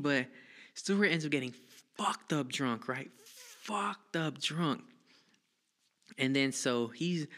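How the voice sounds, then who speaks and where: A man casually telling a childhood story, animated and profane, acting out the people he quotes in a raised voice. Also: mid-range voice.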